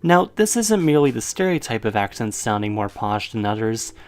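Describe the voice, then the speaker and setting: A man's voice: mid-range voice, big pitch swings, fairly quick, a little mellow. A man narrating a scripted educational video in a chatty, upbeat way, with casual asides to the viewer. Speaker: educational YouTuber.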